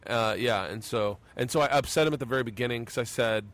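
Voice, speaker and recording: A middle-aged male comedian hosts a podcast, telling profane stories fast in a mid-range voice. He's loose and casual, animatedly acting out quotes as he goes.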